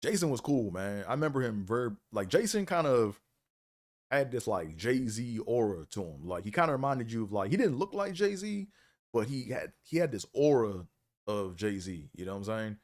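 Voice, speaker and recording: A man's voice: medium pitch, expressive, normal speed, a little mellow. A man hosting a live stream, telling college stories in a laid-back way, full of "man" and "you know". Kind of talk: casual storytelling.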